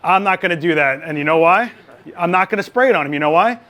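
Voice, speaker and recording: A man running a live photography lighting demo, chatty and joking, with quick asides. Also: high voice, lively intonation, bright, forceful tone. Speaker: photography instructor.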